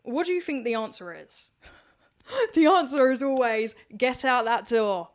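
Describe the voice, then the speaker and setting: Chatty woman in her thirties, higher voice. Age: 30s. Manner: candid and chatty, laughs often, slangy. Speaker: podcast host. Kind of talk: casual monologue to listeners.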